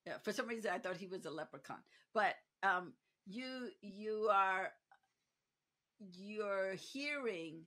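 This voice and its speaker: A woman's voice: medium pitch, expressive, slow pace, bright, forceful tone. A woman hosting a podcast interview, asking conversational, admiring questions. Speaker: podcast host. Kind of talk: casual interview chat.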